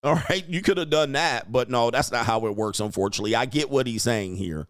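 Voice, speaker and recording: A man's voice: medium pitch, a little fast, a bit bright, no room sound, studio quality. A man hosting a reaction commentary show, mocking and lecturing the people in the clips he plays, often laughing. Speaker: commentary channel host.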